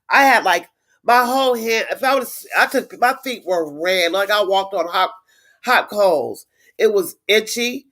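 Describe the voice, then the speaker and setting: A woman's voice: mid-range voice, moderate pace, a bit bright. A middle-aged woman talking straight to her live viewers in a blunt, indignant way. She swears freely and doubles up words for emphasis. She stops now and then to read and answer comments. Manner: repeats words, reads viewer comments aloud. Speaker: livestream host. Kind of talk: casual live-stream chat.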